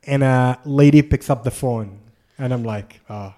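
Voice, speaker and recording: A man telling a long travel story in casual conversation, animated and laughing often. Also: medium pitch, unhurried. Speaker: guest storyteller.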